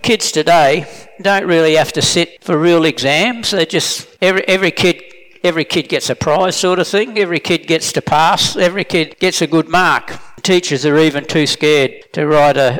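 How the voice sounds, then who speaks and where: A middle-aged man delivers a sermon in a plain, emphatic way, often stopping to restart his sentences. His voice sits a little higher than most men's. The sound carries a long reverb tail, as in a large hall. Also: fairly bright tone. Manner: plain-spoken, emphatic, with self-corrections. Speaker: preacher.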